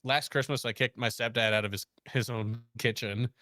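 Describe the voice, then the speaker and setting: A man who works as a chef, telling a story in casual chat, animated, laughing often and acting out quoted dialogue. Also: mid-range voice, moderate pace, dry recording, clean studio sound. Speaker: guest, chef.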